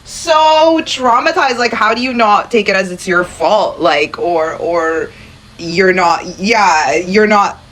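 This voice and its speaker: A woman hosting a podcast, reacting with quick, sympathetic comments and sharing her own story in conversation. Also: lowish voice, fairly bright tone, rough recording. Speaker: podcast host. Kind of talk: conversational interview.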